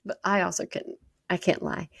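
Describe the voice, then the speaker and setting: A woman with a Southern US accent hosting a podcast, chatting and telling animated stories in a casual way. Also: no echo, studio quality. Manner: chatty, animated retelling with quick quoted voices. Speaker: podcast host. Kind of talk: casual storytelling monologue.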